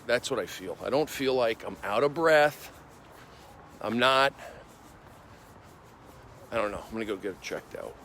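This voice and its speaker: A male comedian livestreaming on his phone while walking city streets, rambling excitably with repetitive bursts of loud emphasis. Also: mid-range voice, a little hiss or hum. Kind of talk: rambling walk-and-talk livestream.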